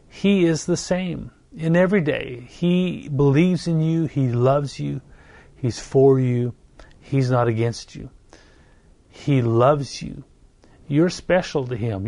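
A middle-aged man preaching a sermon, earnest and warm in his repetition, slowing down to stress each phrase. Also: mid-range voice, dry recording. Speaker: pastor.

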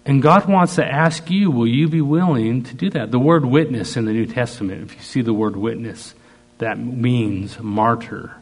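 A man preaching a sermon, slow and emphatic, piling up repeated phrases. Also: medium pitch.

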